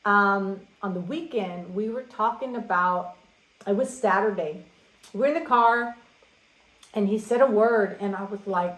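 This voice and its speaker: A woman's voice: mid-range voice, moderate pace. A woman co-hosting a casual podcast, wandering through anecdotes with plenty of ums and restarts while acting out both sides of a conversation. Her voice sits right in the middle of the range. The room around her is roomy and echoey. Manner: rambling storyteller, many fillers and restarts; acts out quoted dialogue. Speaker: podcast co-host. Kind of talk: casual chat. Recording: roomy echo.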